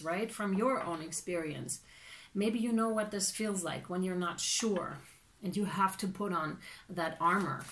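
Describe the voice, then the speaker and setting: Chatty woman giving a tarot reading. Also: medium pitch. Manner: chatty, animated, lots of fillers and acted-out reactions. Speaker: tarot reader.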